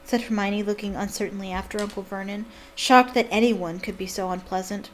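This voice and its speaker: With a mid-range voice and a steady tone, a young woman reads a novel aloud briskly with few pauses, interrupting herself for gushing, exclamatory fan commentary. There's slight background noise.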